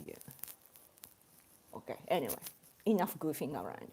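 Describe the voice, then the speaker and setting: A woman's voice: fairly low pitch, big pitch swings, moderate pace, gravelly, long pauses, mellow, a little hiss or hum. A Japanese woman with a Japanese accent, hosting a casual livestream in English and chatting with viewers, laughing often as she acts out examples. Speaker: livestream host reading chat. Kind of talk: casual chat.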